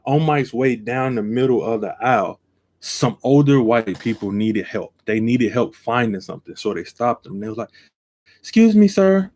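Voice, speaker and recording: A man telling a story on a live stream, acting out each line and jumping from quiet to loud, seated at his desk camera. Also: moderate pace. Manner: acts out every quote, jumps from low to loud. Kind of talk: animated storytelling.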